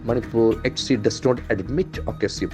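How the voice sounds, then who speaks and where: A man's voice: medium pitch, fairly quick, darkish tone, soft background music. Man teaching pronunciation, spelling words aloud. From India. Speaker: English language trainer. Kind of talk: newspaper analysis lesson.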